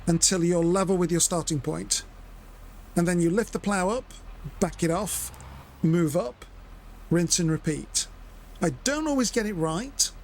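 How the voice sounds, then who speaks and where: Man, high voice, streamer explaining step by step, faint background noise. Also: a little slow, pauses often, darkish tone. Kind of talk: live gameplay commentary.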